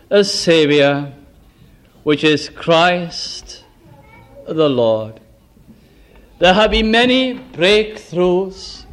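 A man preaching a sermon with fervour, asking the listeners question after question and slowing right down to stress key phrases. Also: high voice. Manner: fervent, asks the listeners many rhetorical questions.

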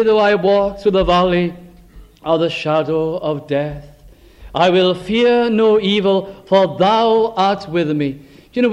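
A man preaching a sermon in an earnest, tender way, slowing for emphasis and dropping to a hush on key words. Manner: drops to a hushed low voice on key words.

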